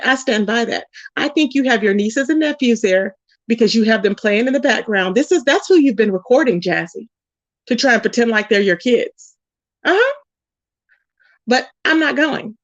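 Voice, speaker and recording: A woman's voice: fairly high pitch, lively intonation, moderate pace, dry recording. Blunt scolding woman, lo-fi audio. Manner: blunt, scolding, repeats herself. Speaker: commentary channel host. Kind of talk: ranting commentary. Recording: dull lo-fi audio.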